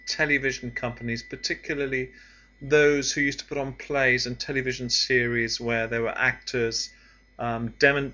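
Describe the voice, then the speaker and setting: A man's voice: mid-range voice, pushed and bright. A man from Bristol with a Bristolian accent, explaining in an unscripted, hesitant way and slipping between accents. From Bristol, England. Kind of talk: casual explanatory talk. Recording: dull lo-fi recording.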